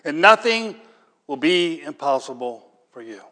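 A man with a high, light voice delivers a sermon as pastor. He talks conversationally and throws in rhetorical questions, then builds to emphatic, ringing peaks. His words trail off into the long reverb of a large church hall. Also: big pitch swings, a little slow, bright, forceful tone.

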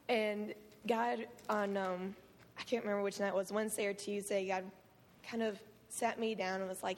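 A hoarse, worn-voiced teenage camp counselor giving an earnest, emotional testimony at church, laughing often. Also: female voice, mid-range voice, fairly even intonation, moderate pace, a little hiss or hum. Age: late teens. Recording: long hall reverb.

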